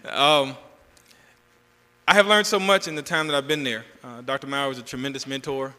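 Bright Southern man speaking in a hall. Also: medium pitch, normal speed. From Georgia, US South. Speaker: national representative giving a convention address. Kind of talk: speech at a convention. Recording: long hall reverb.

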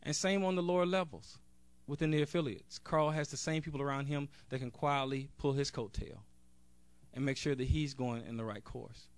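A man's voice: mid-range voice, steady tone, normal speed, clean tone, no room sound. A man, a national board member, giving an earnest, direct convention speech off the cuff, with a few restarts. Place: convention hall.

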